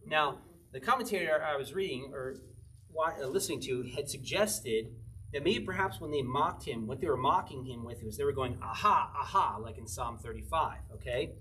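A man preaching a conversational sermon, teaching verse by verse, slowing down to read scripture aloud and chuckling now and then. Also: medium pitch, sharp tone, recorded from a distance, a little hiss or hum. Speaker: pastor.

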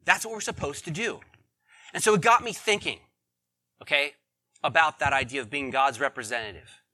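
A man preaching a sermon in a conversational way, asking the congregation questions and swinging between loud emphasis and quiet asides. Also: on the high side, moderate pace, no echo. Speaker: pastor.

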